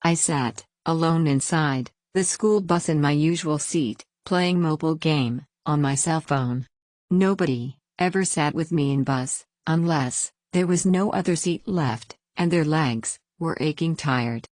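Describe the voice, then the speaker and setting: Female story reader, very low voice, dry close sound, plain even first-person narration. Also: a little slow, dry recording.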